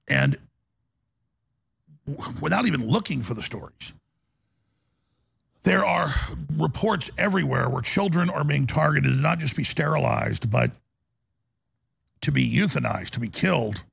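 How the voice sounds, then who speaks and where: A male talk radio host with a gravelly, raspy voice, rambling in an impassioned studio monologue with restarts and rising outbursts. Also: mid-range voice, lively intonation, measured pace, long pauses, a bit bright. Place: broadcast studio.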